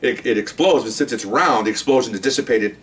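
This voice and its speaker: An older man recounts an old police call in a loose, rambling way, now and then acting out the yelling. He talks quickly and sits a little back from the mic, so the voice sounds slightly distant. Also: mid-range voice. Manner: rambling, animated, acts out shouted commands. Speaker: retired police officer telling stories. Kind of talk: casual storytelling.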